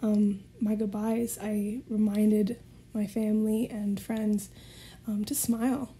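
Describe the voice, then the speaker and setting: A woman's voice: mid-range voice, level tone, takes it slowly, warm tone. A woman guest telling a personal story in a casual way, often laughing as she talks. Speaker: podcast guest.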